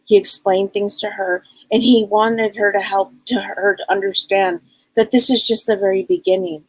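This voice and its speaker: A woman psychic medium on a live show, passing on messages in a halting, repetitive way and speaking them in the first person. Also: medium pitch, fairly even intonation, husky, dry recording, poor audio.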